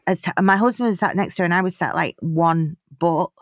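British woman telling a story, animated. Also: fairly low pitch, fairly quick, dry recording, studio quality. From Britain. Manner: animated storytelling, swears freely. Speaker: podcast co-host. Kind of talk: casual comedic chat.

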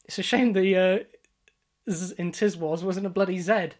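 A woman co-hosting a comedy podcast, deadpan and mock-serious, with hesitant fillers as she argues a far-fetched theory. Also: lowish voice, normal speed. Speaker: podcast co-host.

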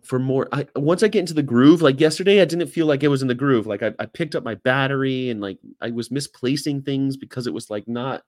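A man's voice: mid-range voice, a little fast, hardly any pauses, darkish tone. A man with an American accent hosting a casual livestream, reading viewer comments and rambling with jokes and casual swearing. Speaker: host.

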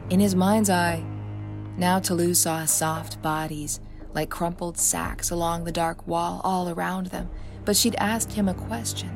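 Casting: low-voiced woman narrator, measured and expressive, gravelly texture, soft music behind. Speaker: author and narrator. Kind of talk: storybook narration.

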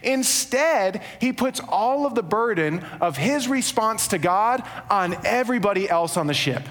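A man preaching a sermon, telling the story in an animated way and acting out the quotes. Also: high-pitched, measured pace, hardly any pauses. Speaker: pastor. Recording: long hall reverb.

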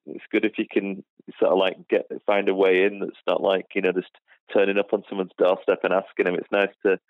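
Low flat British man on a tinny line. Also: no room sound. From United Kingdom. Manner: hesitant, lots of fillers and restarts. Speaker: guest, shooting channel creator. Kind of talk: casual interview chat.

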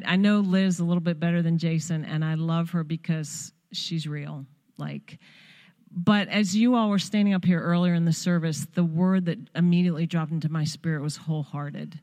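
Long island lady in her 50s, earnest church word, lowish voice. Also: fairly even intonation, moderate pace, darkish tone. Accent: Long Island New York. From Long Island, New York. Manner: earnest, emphatic, spiritual. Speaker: visiting pastor's wife. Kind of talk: church greeting and exhortation. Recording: long hall reverb.

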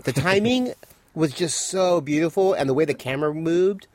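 A man's voice: on the high side, normal speed. A man in casual chat, reviewing a TV episode with a co-host, enthusiastic and filling his talk with "I mean" and "you know". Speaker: podcast co-host.

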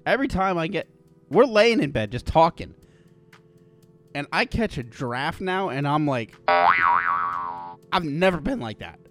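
Animated, foul-mouthed man telling stories. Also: fairly high pitch, measured pace, pauses often, faint music behind. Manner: animated storyteller, swears freely, slips into jokey voices. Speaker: podcast co-host. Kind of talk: crude casual chat. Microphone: studio mic with headphones.

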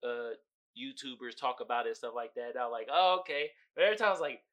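A man hosts a podcast with casual, comedic commentary, talking very fast. He swears freely and laughs often, swinging between low mumbling and loud outbursts.

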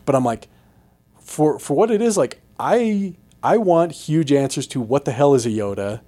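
A man co-hosting a podcast, talking in an animated, emphatic and opinionated way. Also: a little high, moderate pace. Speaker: podcast co-host. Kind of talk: casual chat.

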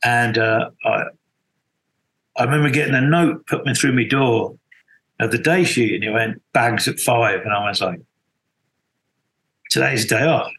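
At medium pitch and a moderate pace, with a fairly bright tone, a middle-aged musician rambles through stories as a guest in a casual interview, restarting often and acting out quotes. The recording is rough.

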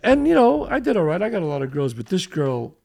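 An older man, hosting a podcast and telling a profane, animated story in which he acts out the quotes. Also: high voice, fast talker, vocal fry. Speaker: host.

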